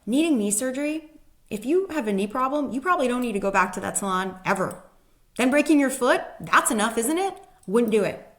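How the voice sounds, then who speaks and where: A woman's voice: on the high side, animated, a little fast. A woman guest, a human design expert, telling a personal story in casual conversation and acting out the people she quotes.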